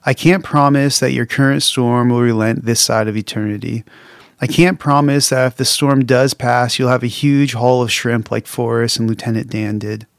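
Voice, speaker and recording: Guy preaching a sermon, honest and chatty, mid pitch, dry sound. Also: steady tone, normal speed, no room sound. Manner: candid, reflective and conversational. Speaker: pastor.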